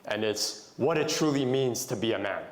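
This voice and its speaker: A man's voice: medium pitch, lively intonation, moderate pace. Young man giving a faith talk, echoey room. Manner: conversational storytelling, asks the audience questions. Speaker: motivational Christian speaker.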